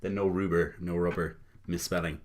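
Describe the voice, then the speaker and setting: A man's voice: low-pitched, fairly even intonation, moderate pace, a little hiss or hum. A young Irish man hosting a reaction video, rambling casually with lots of laughs and the odd swear. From Ireland.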